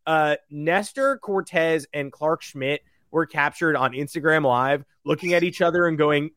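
Animated male podcast co-host, dry sound. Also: on the high side, measured pace, no echo. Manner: animated storyteller who acts out quotes. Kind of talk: casual chat.

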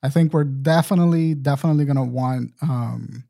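A man co-hosting a podcast in casual chat, upbeat and quick to agree and riff along. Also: medium pitch, creaky, mellow. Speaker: podcast co-host.

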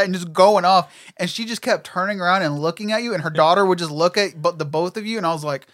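A young man in his twenties telling a story among friends, animated and laughing. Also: high voice, a little fast, hardly any pauses. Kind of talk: casual chat.

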